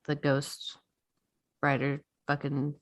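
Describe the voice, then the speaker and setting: A woman co-hosting a podcast, her voice sitting a little low for a woman. She chats loosely and swears freely, laughing often. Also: monotone, takes it slowly. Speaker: podcast co-host. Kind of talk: casual chat.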